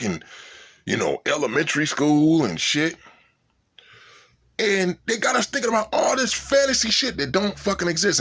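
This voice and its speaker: A man's voice: mid-range voice, fairly bright tone. A man in a casual, profane rant, swearing and sounding incredulous. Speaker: vlogger.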